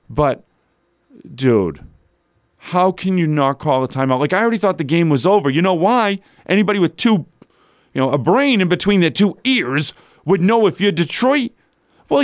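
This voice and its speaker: A man hosts a sports talk show, his voice sitting a little high for a man. He rants in disbelief, piling rhetorical question on question. The sound is dry and close, with no room around it. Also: dry recording. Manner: incredulous, builds to exasperated rhetorical questions. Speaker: sports radio host. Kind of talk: animated sports talk rant.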